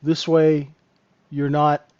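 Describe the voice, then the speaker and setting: This trading room host and trainer has a fairly high, clean voice delivered completely flat and slowly. Teaching a live lesson, he stays conversational and repeatedly asks "right?", on audio missing its highs.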